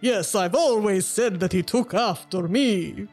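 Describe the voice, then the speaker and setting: A woman's voice: mid-range voice, a little mellow, faint music behind, close to an everyday voice. A woman voicing a boisterous, dim-witted middle-aged nobleman who talks in a theatrical, effusive way. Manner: theatrical and effusive, slow and grand.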